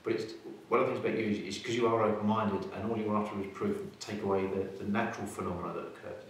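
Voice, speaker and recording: A man's voice: on the low side, fairly even intonation, fast. A man on a paranormal investigation, chatting enthusiastically in long run-on thoughts. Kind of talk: casual chat on location. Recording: echoey, distant, faintly noisy location audio.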